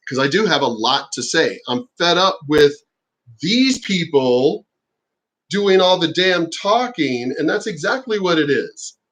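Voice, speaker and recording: A man ranting on his own vlog, profane and exasperated, now and then mocking others in shrill voices. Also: animated, unhurried, fairly bright tone, rough recording. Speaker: channel host.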